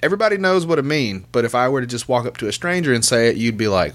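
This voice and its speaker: A man, a guest on a podcast, telling stories in a teasing, animated way and swearing casually. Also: medium pitch, racing. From American South.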